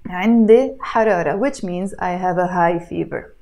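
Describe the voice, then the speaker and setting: A woman teaching a spoken Arabic lesson, who has a cough, pronouncing words slowly and carefully and switching between languages. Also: lowish voice, darkish tone.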